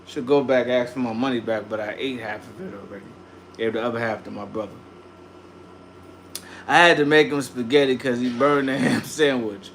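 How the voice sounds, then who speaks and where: A man's voice: medium pitch, animated, normal speed, a bit bright, a little hiss or hum. A man hosting a casual livestream, ranting and chatting in slang and greeting viewers by name. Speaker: livestream host.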